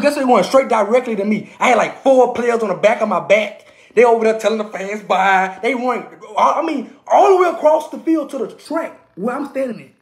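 Hoarse sports fan heckling and ranting, voice jumps up and down a lot. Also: medium pitch, a little fast. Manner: animated, excitable, heckling. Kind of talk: trash-talking reaction rant. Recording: echoey room.

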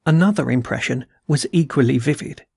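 A man hosting a podcast, reading adventure and dark stories aloud in a measured, steady way. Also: medium pitch, gravelly, husky, no echo, clean studio sound. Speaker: podcast story reader.

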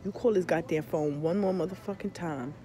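A woman ranting loudly and profanely in a casual vlog, telling an animated story. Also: fairly low pitch, fairly quick, noisy background. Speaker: tarot vlogger. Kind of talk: casual rant to camera.

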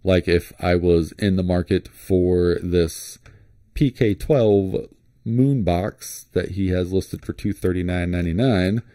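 A man vlogging about flashlights, thinking aloud in a relaxed, rambling way with many fillers and restarts. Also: low-pitched, dry recording, clean studio sound. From Florida. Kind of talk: casual screen-share commentary.

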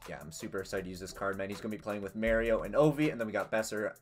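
A young man giving casual, excitable gameplay commentary as a gaming channel host, swearing and yelling at big plays. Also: fairly low pitch, very fast, soft background music. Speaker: gaming youtuber.

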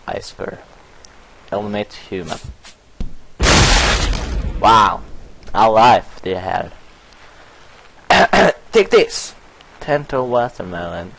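A young man doing casual let's play commentary, goofy and excitable, often breaking into silly singing and swearing. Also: fairly low pitch, gravelly, slight background noise, rough recording. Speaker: gameplay commentator.

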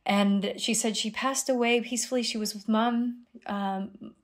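Middle-aged woman, interview guest, personal storytelling, animated with sudden high exclamations. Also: unhurried. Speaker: guest, dream guide.

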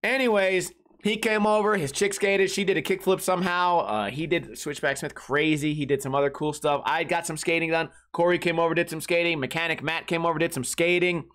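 A man's voice: on the high side, fairly even intonation, fairly quick, few pauses, fairly bright tone. A man hosting a comedy podcast, telling rambling, crude, jokey stories about his weekend in a casual way. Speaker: podcast host.

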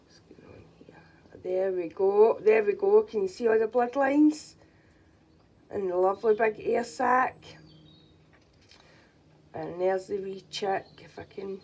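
A woman chatting casually in a home vlog as she checks her pigeons' eggs, cooing gently to the birds. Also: medium pitch, takes it slowly, long pauses, husky. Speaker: pigeon keeper.

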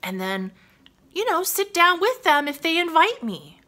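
Storybook girl reflecting on her mistake, bright lively voice, read by a woman. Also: very high-pitched, measured pace, pitched above the performer's own voice, full character voice. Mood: remorseful. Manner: reflective, self-questioning. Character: remorseful little girl thinking aloud.

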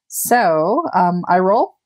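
A woman playing a tabletop game, chatty and inquisitive, quick to laugh. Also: lowish voice, big pitch swings, darkish tone. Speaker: player.

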